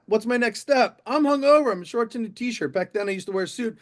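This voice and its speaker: A middle-aged man, a motivational speaker, telling an animated story on stage and speaking straight to a live audience. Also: very high-pitched, fast talker, hardly any pauses. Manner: animated, addresses the audience directly.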